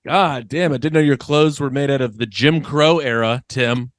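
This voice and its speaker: A man's voice: mid-range voice, moderate pace, no echo. A man co-hosting a comedy podcast, joking in a dry, mock-serious, riffing way. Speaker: podcast co-host. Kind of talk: casual comedy chat.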